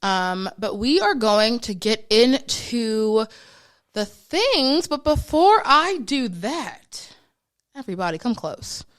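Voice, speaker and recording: A woman's voice: a little high, lively intonation, takes it slowly, fairly bright tone, clean tone. A woman hosting a podcast in a studio, chatting casually with playful, dramatic hype and slang. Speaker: podcast host. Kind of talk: casual chat.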